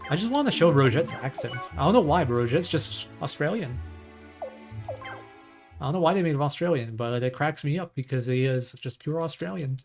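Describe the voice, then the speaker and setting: A man's voice: fairly high pitch, animated, a little fast. A man giving casual live commentary on his speedrun, chatting and thinking aloud while he plays. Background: game music.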